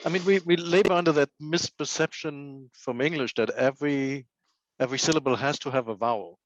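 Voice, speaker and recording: A man's voice: mid-range voice, dry recording. Agreeable man on a dry call line. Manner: agreeable, quick to concede. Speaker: class participant. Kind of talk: casual online class discussion. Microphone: video call. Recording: dry muffled video call audio.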